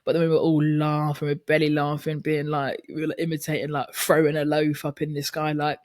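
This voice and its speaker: A woman's voice: deep voice, completely flat delivery, a little fast, hardly any pauses, a little mellow, no echo, studio quality. A young woman hosting a podcast, talking candidly and chattily about her family and acting out their dialogue. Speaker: podcast host. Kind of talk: personal reflective monologue.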